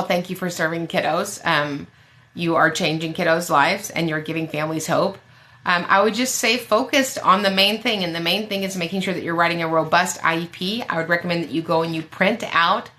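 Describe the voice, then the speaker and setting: A woman's voice: lowish voice, bright, forceful tone. A woman special education advocate giving blunt, emphatic advice with sassy asides on a live question-and-answer show.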